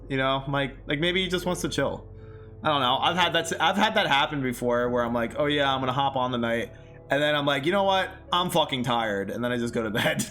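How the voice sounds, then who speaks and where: A man's voice: medium pitch, fairly bright tone. A young man streaming a game, chatting casually, reading its text aloud, swearing and reacting emotionally.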